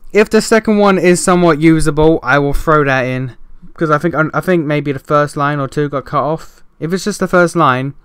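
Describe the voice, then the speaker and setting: A man recording commentary over a video game, frustrated and swearing as he rambles through restarts. His voice is smooth and a bit high, recorded dry and close. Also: fairly bright tone, dry recording. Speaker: gaming video host. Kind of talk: let's play commentary.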